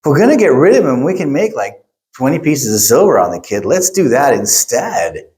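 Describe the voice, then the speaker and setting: A middle-aged male pastor preaching a sermon, telling stories in an animated way and acting out quotes. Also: medium pitch, a little fast. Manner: animated storytelling, acts out quotes. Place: church.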